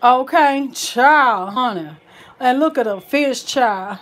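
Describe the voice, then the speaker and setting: A young woman chats animatedly about her home cooking. Her voice sits a little high, and she scatters exclamations throughout her casual talk. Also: takes it slowly. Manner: animated, exclaims "child, honey" often. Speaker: cooking vlogger. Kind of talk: casual chat to viewers.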